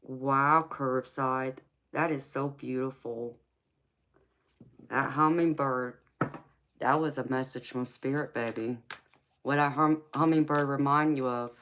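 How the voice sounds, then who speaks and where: A woman's voice: a bass voice, steady tone, takes it slowly, long pauses, fairly bright tone, a little hiss or hum. Middle-aged woman, live-stream host, emphatic and passionate, affectionate to chat. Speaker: tarot reader and live streamer.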